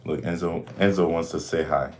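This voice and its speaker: A man's voice: deep voice, steady tone, normal speed, darkish tone, a little hiss or hum. A young man hosting a casual livestream Q and A from home, talking in a laid-back, rambling, slangy way with lots of "like" and "you know". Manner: slangy and blunt. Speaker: livestream host answering questions. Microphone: desk mic.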